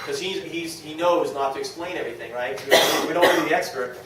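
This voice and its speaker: A man tells his business story to a small gathering, rushing through it with enthusiasm and acting out what others said. His voice sits slightly high. The recording picks him up from across a very echoey room. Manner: fast, enthusiastic, quoting others in lively asides. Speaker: speaker at a business meeting. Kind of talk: motivational testimonial talk. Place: meeting room with a small audience. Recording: very echoey room, distant mic, faint noise.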